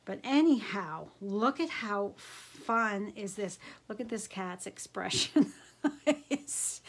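Slow-talking, gushing middle-aged woman. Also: medium pitch, lively intonation. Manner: gushing, chatty, easily delighted. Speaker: craft vlogger. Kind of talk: casual unboxing chat.

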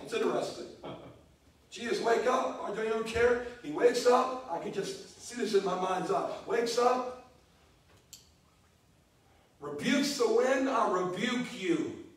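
A man preaching a sermon as pastor, speaking emphatically and repeating key words. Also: very high voice. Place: church sanctuary. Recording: echoey church, distant mic.

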